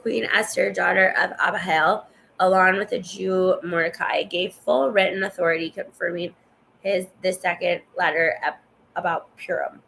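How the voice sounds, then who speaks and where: A woman's voice: on the low side, steady tone, normal speed, gravelly, a bit bright, a little hiss or hum, low-quality recording. A woman reading scripture aloud in a casual way, stumbling over hard names and stopping to cough. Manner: stumbles over names, chatty asides to the viewer. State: coughing and yawning. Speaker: Bible reader.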